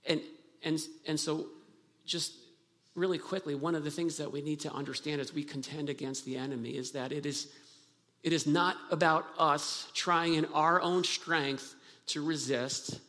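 A man's voice: on the high side, fairly even intonation, moderate pace, bright, forceful tone. A pastor preaching a sermon, earnest and emphatic, often restarting his phrases. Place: church sanctuary. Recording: long hall reverb from a church.

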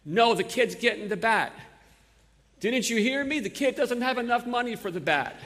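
A man doing a gruff, loud Bronx-accented stranger who argues bluntly in a queue. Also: extremely high pitch, expressive, normal speed, pitched above the performer's own voice. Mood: bickering, insistent. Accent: New York (Bronx). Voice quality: brash, blunt, argumentative. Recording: long reverb of a large hall.

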